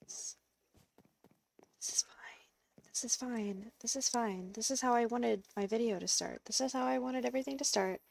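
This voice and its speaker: A woman's voice: on the high side, a little fast, vocal fry, hardly any pauses, darkish tone, a little hiss or hum. Exasperated woman narrating her gameplay. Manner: exasperated, sarcastic outbursts. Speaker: game video creator. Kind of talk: casual gameplay commentary.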